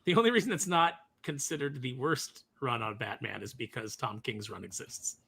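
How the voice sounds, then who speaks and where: A man co-hosting a casual podcast chat, telling animated stories that jump into comic exaggeration. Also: medium pitch, moderate pace, vocal fry, husky. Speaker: podcast co-host.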